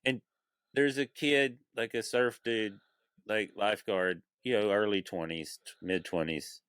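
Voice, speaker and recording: A man's voice: on the low side, steady tone, unhurried, fairly bright tone, clear, resonant tone, dry recording. A man casually telling a funny story on a podcast, swearing and acting out the voices of the people he quotes. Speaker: comedian guest.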